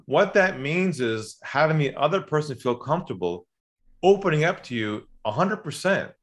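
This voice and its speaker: A man's voice: on the high side, moderate pace. A man talking as a sales coach on a podcast, telling stories and acting out phone calls in changed voices. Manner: animated storyteller, acts out calls in changed voices. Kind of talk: podcast conversation.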